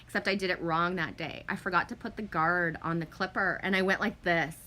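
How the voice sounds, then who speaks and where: This livestreamer is a woman in her forties speaking briskly in a fairly low voice. She chats casually, reads out viewer comments, and rambles through animated, profane stories complete with acted-out quotes.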